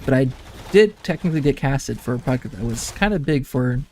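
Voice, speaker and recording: A man's voice: medium pitch, lively intonation, a little fast, a little mellow, soft background music. A man streaming a game, rambling and chatting casually to his viewers and laughing often.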